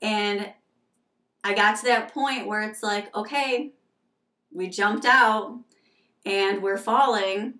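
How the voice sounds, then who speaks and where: A woman's voice: medium pitch, slow, pauses often, sharp tone, reverberant, distant mic. A woman giving a casual tarot reading, talking frankly and conversationally with many fillers as she tells personal stories. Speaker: tarot reader.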